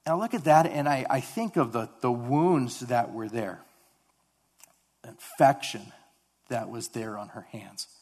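A man giving an earnest sermon testimony about his mission work, halting and often repeating words as he speaks. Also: mid-range voice, darkish tone.

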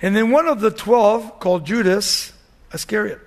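A man's voice: high-pitched, normal speed, long reverb tail. A man preaching a sermon who reads scripture aloud and then retells it in casual everyday speech.

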